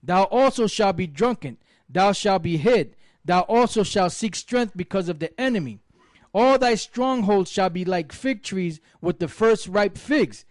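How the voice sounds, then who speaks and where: A man with a high voice reads old scripture aloud in a steady, declaiming way. The sound is dry and close. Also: measured pace, no room sound. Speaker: scripture reader in a religious group.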